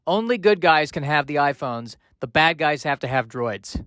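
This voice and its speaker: A man's voice: a little high, expressive, normal speed, fairly bright tone, dry recording. A man hosting a podcast, rambling through comic, self-mocking asides in a casual monologue. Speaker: podcast host.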